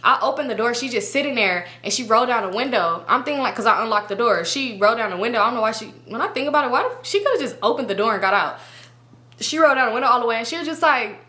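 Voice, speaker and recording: A woman's voice: on the high side, expressive, rapid-fire, sharp tone. A woman hosting a storytime video, telling a story in a casual, slangy and profane way and acting out what people said. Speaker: storytime channel host. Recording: roomy echo.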